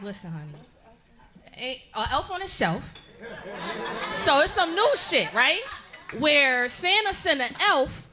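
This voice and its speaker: A woman's voice: sits high, bright, forceful tone. A woman in her thirties doing a brash, profane stand-up set on stage, laughing through her lines. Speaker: stand-up comedian. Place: comedy stage before a live audience.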